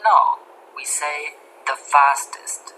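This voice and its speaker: A woman giving a scripted grammar lesson, speaking clearly and carefully and slowing down on example words. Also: low voice, pushed and bright, a little hiss or hum, rough recording. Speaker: English grammar teacher.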